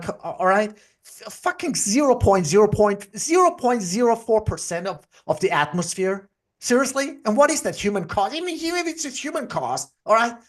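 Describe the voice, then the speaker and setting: A man hosting a livestream podcast, ranting heatedly and swearing often, with many restarts and trailing asides. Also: high-pitched. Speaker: podcast host.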